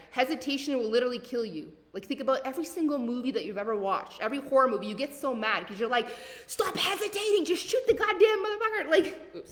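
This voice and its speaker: A woman coaching leaders in a live online masterclass. She talks casually and bluntly, swears now and then, and swings between loud punchy calls to action and soft asides. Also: a little high, big-room sound. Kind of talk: motivational masterclass talk.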